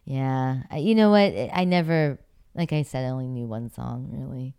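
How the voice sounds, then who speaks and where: A woman's voice: rumbling low, normal speed, warm tone, clean tone. A woman from Pittsburgh, an actress and former figure skater, telling stories as an interview guest in a chatty way, laughing often. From Pittsburgh, USA. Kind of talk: casual interview storytelling.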